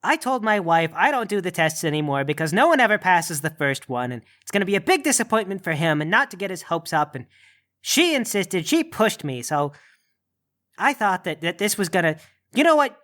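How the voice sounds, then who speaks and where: A man's voice: high voice, big pitch swings, fairly quick, sharp tone, full character voice. A man voicing a grumpy old male holiday monster who blusters and complains. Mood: exasperated. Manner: blustering, exasperated.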